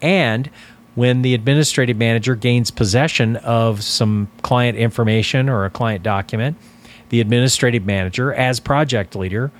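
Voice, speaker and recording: Male business coach, deliberate and emphatic, explaining step by step in an instructional talk. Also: mid-range voice. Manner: deliberate, emphatic, stresses key words. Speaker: business coach for financial advisors.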